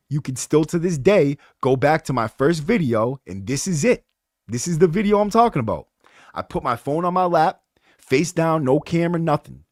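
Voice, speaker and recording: Animated, profane man telling his story. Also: fairly high pitch, dry recording, clean studio sound. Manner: animated, profane, rising to heated outbursts. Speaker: podcast host. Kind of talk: casual storytelling.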